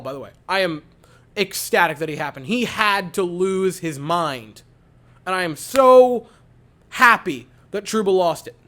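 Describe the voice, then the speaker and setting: A man giving an animated post-game reaction to a hockey game, repeating his points for emphasis. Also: high-pitched. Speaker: hockey fan commentator.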